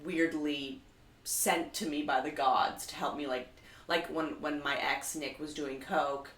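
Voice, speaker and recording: A woman co-hosting a live comedy show, telling animated stories in casual chat, her voice jumping high when she gets excited. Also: measured pace. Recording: echoey room, mic at a distance.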